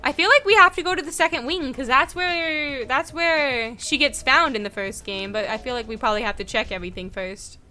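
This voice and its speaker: Irish woman, gaming host, wry chatty asides, high bright voice. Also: a little fast, hardly any pauses, soft background music. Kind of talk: reading game text aloud with commentary.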